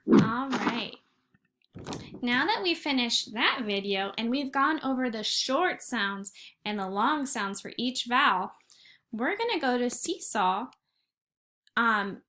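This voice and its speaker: Slow, patient woman teaching phonics. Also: a little high, bright, forceful tone. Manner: slow, patient, encouraging, stretches out sounds. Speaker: first grade teacher. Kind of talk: recorded online phonics lesson.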